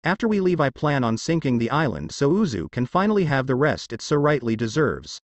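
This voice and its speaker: A man's voice: medium pitch, big pitch swings, brisk, no echo, lightly acted. A man voicing an authoritative adult ninja uncle in a storybook reading. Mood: commanding.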